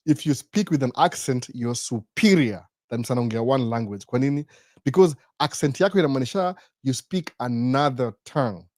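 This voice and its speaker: A man's voice: mid-range voice, moderate pace, no echo. Man in his forties, dry sound. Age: 40s. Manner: mixes English and Swahili, rhetorical questions, animated. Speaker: host. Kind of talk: live Q&A talk.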